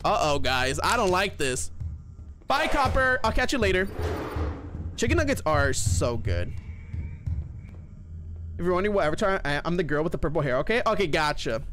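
Excitable streamer guy, pretty high voice, swings all over the place, yelps at jump scares. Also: normal speed, pauses often, soft background music. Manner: excitable, shrieks when scared. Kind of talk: live gameplay commentary.

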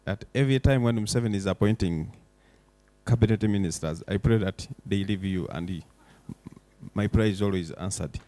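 A man's voice: lowish voice, moderate pace, no room sound. A young man giving an emotional, impassioned public speech as a foundation director. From Uganda. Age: young adult. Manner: impassioned, rising to forceful declarations. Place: event hall.

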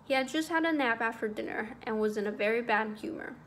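Woman, audiobook reader, high voice, expressive, measured, faint noise. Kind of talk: literary story narration.

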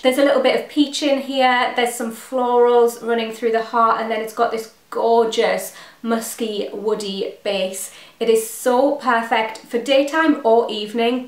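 A woman's voice: fairly high pitch, reverberant. An English woman vlogger reviewing fragrances to camera, gushing and enthusiastic as she lists scent notes one by one. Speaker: beauty vlogger.

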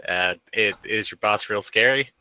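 A man's voice: fairly low pitch, normal speed, pushed and bright, a little hiss or hum, rough recording. A man playing a tabletop game, brash and given to swearing and threats in character. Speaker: player.

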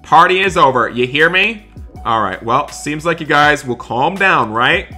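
A man's voice: a little high, lively intonation, a little slow, sharp tone, soft background music. A man hosting a game roleplay, talking to viewers between polite hotel-staff lines. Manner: talks to viewers, switches to polite hotel-worker voice. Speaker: gaming roleplay host. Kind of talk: roleplay commentary.

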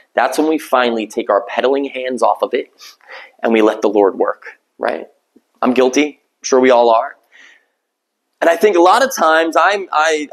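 Conversational pastor, fairly high male voice. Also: low-quality recording. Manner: conversational, self-deprecating, acts out quoted voices. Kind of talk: sermon.

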